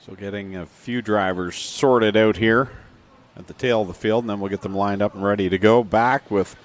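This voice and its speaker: A man's voice: on the low side, steady tone, normal speed. A man announcing a live race at an outdoor speedway, calling flags, restarts and battles, and laughing easily with his partner. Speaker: race commentator.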